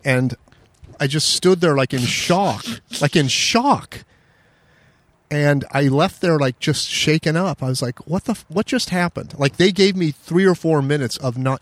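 A man's voice: fairly high pitch, unhurried, dry recording. A man co-hosting a podcast, telling a self-deprecating story in casual comedic chat and acting out the people he quotes. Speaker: podcast co-host.

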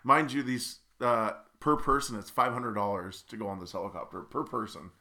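Young guy cohost, bright tense voice, kinda tired and stuffed up, rambles with lots of ums. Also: medium pitch, normal speed. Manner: rambling storyteller, lots of fillers. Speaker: podcast co-host. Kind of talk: casual chat.

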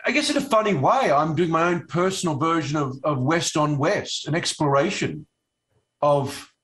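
A man from Australia with an Australian accent, a guest actor talking in a casual interview, halting with many fillers and restarts. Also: a little high, animated, fairly bright tone.

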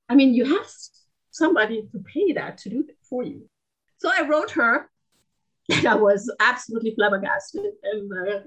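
A woman with a German accent, speaking English as a second language, tells her story with animated exclamations and frequent laughter. Her voice sits a touch high. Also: poor audio. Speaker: podcast guest. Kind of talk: casual chat, storytelling.

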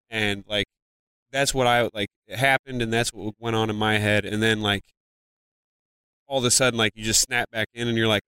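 A man's voice: fairly low pitch, fairly even intonation, normal speed, pushed and bright, clean tone, no echo. A comedian from Ohio, a man, telling a personal story in a casual podcast interview, rambling with many fillers and swearing now and then. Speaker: comedian guest.

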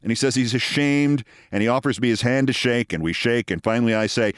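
A man in his sixties, a podcast host, telling a story in an emphatic, theatrical way with loud bursts. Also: medium pitch, brisk, few pauses, clean tone, no echo, studio quality. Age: 60s. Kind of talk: storytelling monologue.

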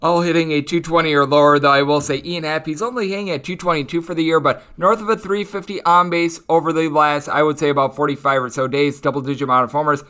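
A man hosting a sports betting podcast, running through player stats and betting lines with quick asides. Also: a little high, steady tone, a bit bright, clean tone. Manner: rapid-fire stat rundown with quick jokes. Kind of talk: solo betting analysis.

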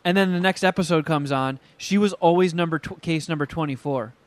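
A man with a slightly high voice chats casually on a podcast, telling stories in a loose, profane way. He acts out quotes as he goes. The sound is dry and close. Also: brisk, no room sound. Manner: profane, animated storytelling with acted-out quotes. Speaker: podcast co-host. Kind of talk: casual chat.

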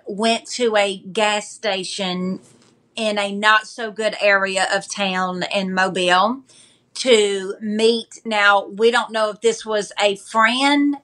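A woman, a podcast guest speaking in a halting, measured way with frequent pauses. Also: medium pitch, sharp tone. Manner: halting, measured retelling with many pauses and fillers. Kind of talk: conversational interview.

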